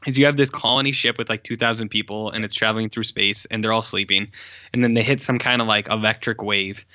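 A man in casual podcast chat reviewing a film, rambling along with many fillers and quick self-corrections. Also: lowish voice, steady tone, sharp tone, no echo, highs cut off. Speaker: podcast co-host reviewing films.

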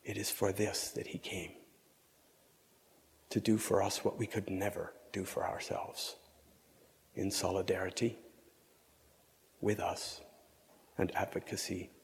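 Slow, low-voiced meditative male preacher. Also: little pitch movement, in a large hall, slight background noise. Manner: measured, contemplative, drops to whispers for inner thoughts. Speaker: preacher leading a vigil reflection.

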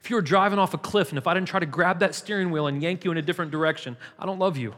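A man's voice: high voice, very fast, fairly bright tone. A man pastor preaching a sermon in a church, emphatic and repetitive, building in intensity. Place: church sanctuary. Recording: long hall reverb.

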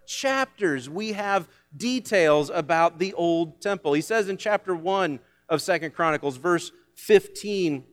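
A man preaching a sermon as pastor, swinging from loud commands down to quiet asides. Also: a little high, lively intonation, a little slow, few pauses.

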